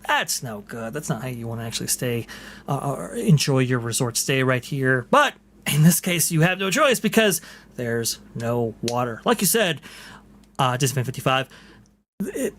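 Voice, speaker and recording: A man's voice: medium pitch, big pitch swings, normal speed, a bit bright, a little hiss or hum. A man hosting a casual podcast, reading posts aloud and chatting with lots of fillers. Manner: chatty, many fillers, repeats "right here". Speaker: podcast host.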